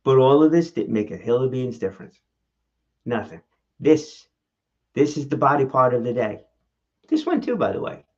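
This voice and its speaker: Man, casual vlog host, lively rhetorical style, muffled recording. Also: normal speed, long pauses. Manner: animated, rhetorical questions, shifts pitch for emphasis. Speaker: vlog host and speaking coach. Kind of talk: casual talking-head vlog. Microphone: camera mic.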